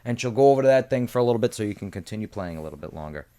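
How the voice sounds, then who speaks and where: A man's voice: on the low side, lively intonation, very fast, dark tone. A man co-hosting a casual video game review discussion, laid-back and loose, with lots of fillers. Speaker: podcast co-host.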